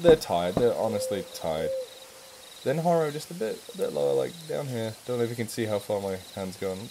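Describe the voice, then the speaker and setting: Chatty northern English man, low voice. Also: darkish tone, slight background noise. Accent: mixed northern English. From England. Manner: chatty, swears casually, eager about animals. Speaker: charity live stream host. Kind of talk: casual live stream Q&A.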